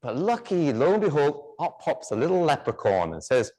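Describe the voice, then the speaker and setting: A man's voice: on the high side, very animated, normal speed, mellow. A man giving a live woodturning demonstration, chatty and joking, with rambling asides.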